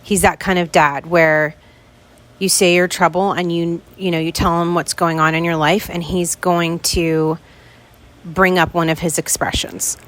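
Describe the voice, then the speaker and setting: A woman's voice: fairly low pitch, a bit bright. A woman hosting a podcast, chatting casually and speaking straight to her listeners. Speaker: podcast host.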